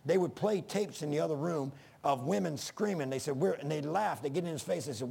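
A man's voice: a little high, a little fast, vocal fry, hardly any pauses, darkish tone, slightly rough. A middle-aged man preaching a sermon in an earnest, folksy way that rises to emphatic bursts.

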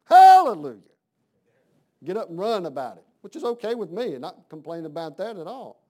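A man's voice: high-pitched, expressive, fast, warm tone. A man preaching a sermon in a folksy, conversational way, asking his congregation questions.

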